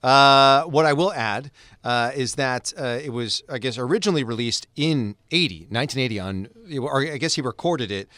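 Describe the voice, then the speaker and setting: A man co-hosts a relaxed podcast conversation, talking in an animated, expressive way as he spins out his stories. His pitch lands in a plain middle range, and the sound is close and dry. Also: normal speed, no room sound. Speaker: podcast co-host. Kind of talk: casual chat.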